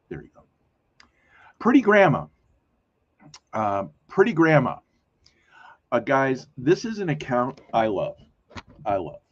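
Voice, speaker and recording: Husky rambling man hosting a live stream. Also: on the high side, highs cut off. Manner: rambling, self-correcting, chatty, with many fillers. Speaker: host of a weekly live community show. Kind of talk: casual live-stream chat.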